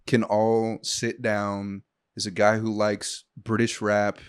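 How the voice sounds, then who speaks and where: A man's voice: fairly low pitch, completely flat delivery, slow, clear, resonant tone, no room sound, studio quality. A man co-hosting a podcast in easygoing, opinionated chat, often laughing. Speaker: podcast co-host. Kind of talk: casual chat.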